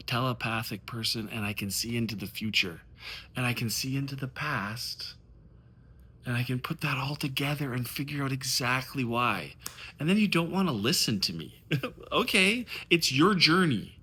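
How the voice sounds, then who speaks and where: A man's voice: mid-range voice, pushed and bright. A man who coaches on dating, talking casually to the camera in a passionate, rambling rant full of swearing.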